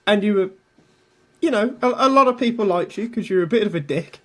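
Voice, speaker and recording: A man's voice: sits high, animated, a little fast, fairly bright tone. A man hosting a podcast in casual banter, teasing his co-host, laughing often and swearing casually.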